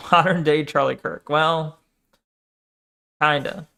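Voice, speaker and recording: A man's voice: a little high, steady tone, slow pace, vocal fry, bright, forceful tone, clean tone. A man streaming his reaction to a debate video, talking casually in a sarcastic, rambling way. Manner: sarcastic, rambling, mocking mimicry.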